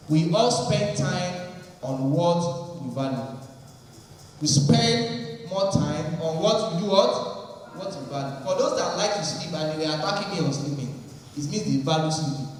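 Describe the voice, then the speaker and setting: A man giving a motivational lecture to university students, animated and acting out the students' voices. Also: sits high, a little hiss or hum. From Nigeria. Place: large hall. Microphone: far from the microphone. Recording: echoey hall from far off.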